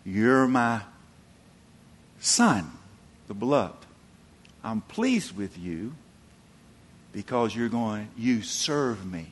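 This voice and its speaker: A man preaching a sermon, acting out quoted voices and moving between loud emphatic peaks and low quiet asides. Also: big pitch swings, extremely slow, pauses often, husky. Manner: acts out quoted voices, chuckles. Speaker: pastor.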